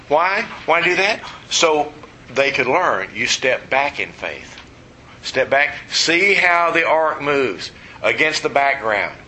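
A man's voice: fairly high pitch, sharp tone, poor audio. A man preaching a sermon, emphatic, asking his listeners questions and answering them himself. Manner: emphatic, asks the audience questions.

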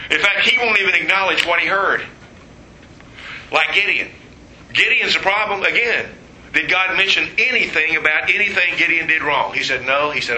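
A man preaching a sermon, telling stories with humor and quoting voices in an animated way. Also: high-pitched, roomy sound, background noise.

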